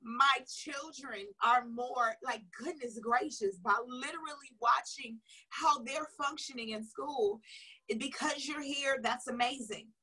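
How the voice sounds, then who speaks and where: A woman's voice: high voice, unhurried, bright, forceful tone, breathy edge, low-quality recording. A woman giving a casual motivational coaching talk, emphatic and chatty, repeating her key phrases. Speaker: sales coach.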